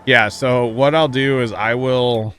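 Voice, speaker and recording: A man's voice: mid-range voice, steady tone, slow pace, a bit bright, slight background noise. A man giving casual commentary on a farming game stream, reading and answering chat as he explains farm equipment. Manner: chatty, reads chat aloud, explains farming gear. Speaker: livestream host.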